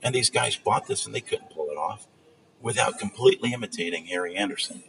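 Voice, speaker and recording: Male storyteller, gravelly, animated, acts out quotes; faint background hiss. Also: fairly low pitch, brisk, low-quality recording. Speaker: magician and storyteller guest. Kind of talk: casual storytelling chat.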